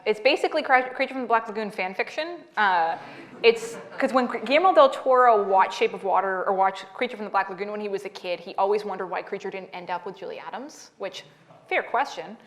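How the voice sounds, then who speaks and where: A woman's voice: mid-range voice, a little fast. A woman in her thirties, an author giving a talk at a library and taking audience questions, who tells stories with a laugh and acts out the dialogue. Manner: lively storyteller, laughs a lot, acts out dialogue.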